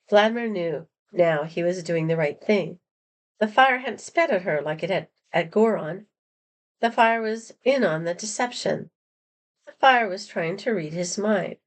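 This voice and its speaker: A woman reading a novel chapter aloud in a plain, steady manner, sometimes correcting herself. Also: fairly low pitch, a little slow. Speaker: narrator.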